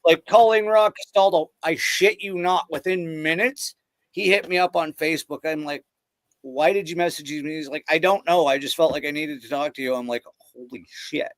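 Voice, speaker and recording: A man's voice: fairly high pitch, fairly even intonation, fairly quick, a bit bright, no room sound. A man hosting a casual podcast, telling loose rambling stories and swearing freely. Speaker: podcast host.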